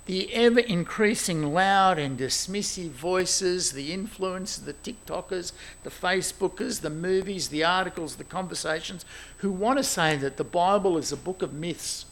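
A man preaching a sermon, animated and exclaiming, moving between loud emphasis and quiet asides. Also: sits high, measured pace.

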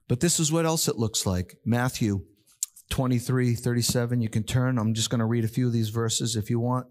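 An older man delivers a sermon as the pastor, his voice sitting at an ordinary middle pitch. He preaches emphatically, slowing on important words and repeating them for weight. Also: a little mellow.

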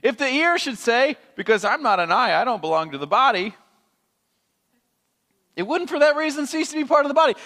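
A pastor giving a sermon, animated and chatty, telling a story with acted-out voices. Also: male voice, very high voice, brisk, pauses often. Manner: animated storytelling, acting out scenes with shifting voices. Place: church sanctuary. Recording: long hall reverb.

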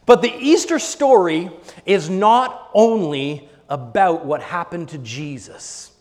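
A man preaching a sermon, acting out the story as he goes and swinging between bold exclaiming and a hushed near-whisper. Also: high voice, animated, slow. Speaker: pastor. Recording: long hall reverb.

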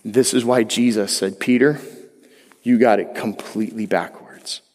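A man's voice: on the low side, fairly even intonation, unhurried, darkish tone. A man preaching a sermon in a conversational way, mixing jokes with emphatic, rising passages. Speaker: pastor. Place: church hall. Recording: long hall reverb.

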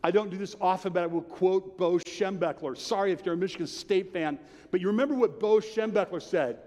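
A man preaching a sermon with earnest, animated delivery and many rhetorical questions. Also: sits high, brisk. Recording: long hall reverb.

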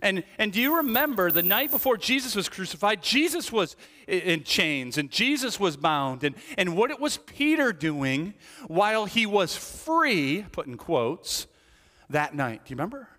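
A man preaching a sermon in a lively, conversational way, acting out small quoted voices as he goes. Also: high voice, moderate pace, big-room sound. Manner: animated, conversational, acts out little voices. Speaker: pastor.

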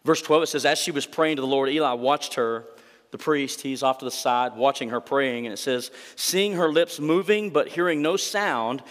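A man's voice: mid-range voice, normal speed, a bit bright. Earnest male pastor in a reverberant hall. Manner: earnest, acts out quoted scripture speech. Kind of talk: sermon.

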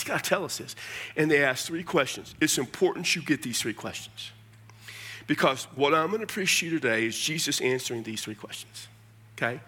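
Bright-voiced American pastor preaching. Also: male voice, fairly high pitch. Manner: animated, conversational preaching with asides. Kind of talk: sermon.

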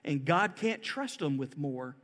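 High-voiced man preaching earnestly. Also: lively intonation, measured pace. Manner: earnest preaching, rising to emphatic peaks then dropping soft. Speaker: pastor. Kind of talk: sermon.

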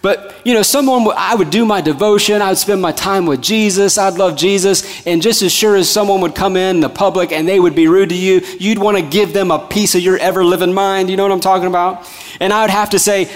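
A male pastor preaches in a rhythmic, repetitive cadence, swinging between loud emphasis and soft, hushed lines. His voice sits a bit high. A long hall reverb trails behind every phrase. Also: moderate pace. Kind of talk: sermon.

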